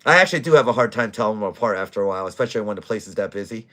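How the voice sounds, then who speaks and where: A man's voice: lowish voice, lively intonation, racing, sharp tone. A man who manages a bar, telling a rowdy story in blunt, profane casual talk. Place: bar in Scranton, Pennsylvania.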